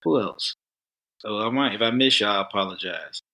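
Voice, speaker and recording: A man's voice: lowish voice, moderate pace, pushed and bright. A man who is a comedian, chatting casually in slang and acting out what people said to him. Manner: loose, slangy storytelling with voiced asides. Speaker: comedian guest. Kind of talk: casual chat.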